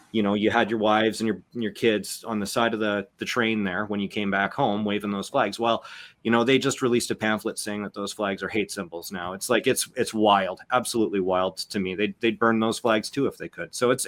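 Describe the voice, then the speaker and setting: This is a Canadian man hosting a podcast chat. His voice sits low, and he speaks with passion, often restarting and repeating his words. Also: a bit bright. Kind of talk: casual podcast discussion.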